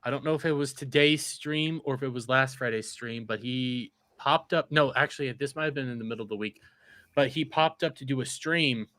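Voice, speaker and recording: A man hosting a casual panel chat, swearing freely and animated. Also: medium pitch, fairly quick, no room sound. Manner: animated, swears a lot, mimics people mockingly.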